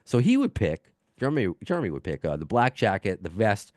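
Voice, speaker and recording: Low-voiced rambling podcast host, man. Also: very animated, brisk, a little mellow, dry recording, studio quality. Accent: New York. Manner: rambling, self-deprecating, lots of fillers and restarts. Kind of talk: casual podcast chat reading listener emails. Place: home, baby heard in background.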